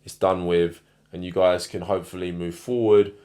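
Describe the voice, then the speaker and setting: A man co-hosting a casual podcast, calm, steady and reassuring. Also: deep voice, normal speed. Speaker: co-host.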